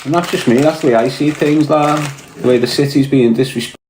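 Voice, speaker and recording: A fired-up man with a thick Scouse accent, talking bluntly and swearing freely in a casual podcast rant. His voice sits at an ordinary middle pitch. It rings in a roomy space. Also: fairly quick, background noise. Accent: Liverpool (Scouse). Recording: roomy echo.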